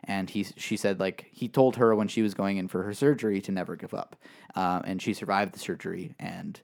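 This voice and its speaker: A man's voice: deep voice, fairly even intonation, a little fast, gravelly. A man co-hosting a podcast, talking casually and rambling with many fillers and restarts. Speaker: podcast co-host.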